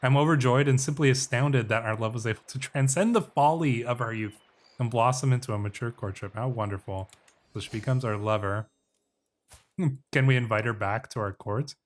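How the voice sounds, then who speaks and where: A man's voice: medium pitch, normal speed. A man narrating his strategy game in character as a ruler, musing aloud, correcting himself and reading event text in a slightly theatrical voice. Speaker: game let's player. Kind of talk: role-play commentary on a strategy game.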